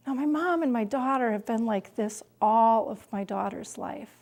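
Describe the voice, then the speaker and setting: A middle-aged woman telling a personal story as a caregiver, speaking slowly and deliberately, at times dropping to a hush. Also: on the high side, gravelly.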